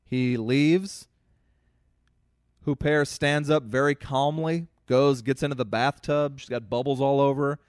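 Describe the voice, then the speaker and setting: A man in casual podcast chat with a smooth, resonant voice, recorded close and dry. He tells stories at length, swears freely and turns to the listeners as folks. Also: mid-range voice, steady tone, measured pace, no echo. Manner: profane, storytelling, addresses listeners as folks. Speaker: podcast co-host.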